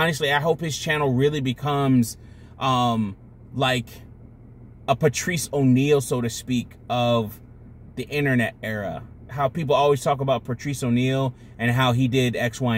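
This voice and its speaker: A man's voice: mid-range voice, a little hiss or hum. A man talking to camera in a casual, rambling monologue, blunt and full of profanity. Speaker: vlogger.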